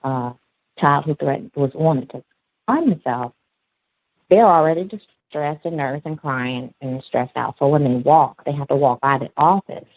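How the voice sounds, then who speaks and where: A man calling in, telling a story from his school job in a rambling, halting way with many fillers. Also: fairly high pitch, no echo. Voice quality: gravelly, husky. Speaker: caller, school aide. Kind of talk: casual storytelling. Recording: dry, tinny phone line.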